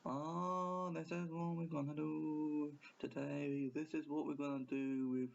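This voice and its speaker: Man putting on a robotic male countdown narrator, flat and monotone, raised pitch, dull lo-fi sound. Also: a little slow, vocal fry. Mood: announcing. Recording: dull lo-fi recording.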